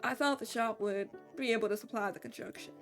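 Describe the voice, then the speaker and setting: A woman's voice: fairly high pitch, fast, fairly bright tone, soft background music. A woman voicing a folksy male hardware store owner in a Southern American accent, in a video game playthrough. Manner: drawling, homespun.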